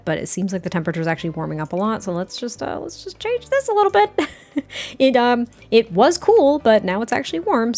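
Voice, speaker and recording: Chatty young woman narrating her game. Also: medium pitch. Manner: chatty, filler-heavy, doting. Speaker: gameplay narrator. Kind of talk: casual game story narration.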